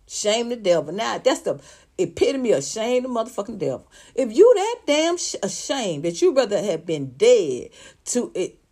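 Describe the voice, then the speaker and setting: A woman's voice: medium pitch, darkish tone. A woman giving heated celebrity gossip commentary, blunt and profane, firing off sarcastic rhetorical questions.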